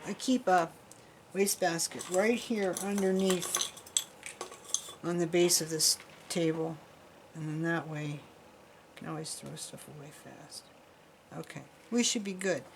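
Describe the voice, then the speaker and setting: A woman with a fairly low voice talks casually as she demonstrates a craft, chatting and rambling while her hands keep busy. Recorded in a workshop with a faint hiss of noise underneath. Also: unhurried, long pauses, rough recording. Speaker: jewelry-making instructor.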